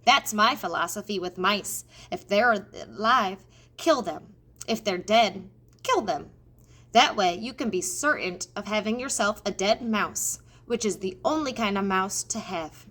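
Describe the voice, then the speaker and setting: A woman reading aloud, voicing a loud, bossy, impatient female cook from a storybook. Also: mid-range voice, expressive, a little slow. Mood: ruthless. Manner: shouting, harsh, impatient.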